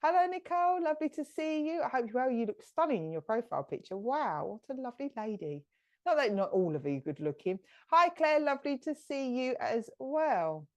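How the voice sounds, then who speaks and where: A woman, a medium hosting a live stream, chatting brightly and greeting viewers by name. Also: high voice, big pitch swings, brisk.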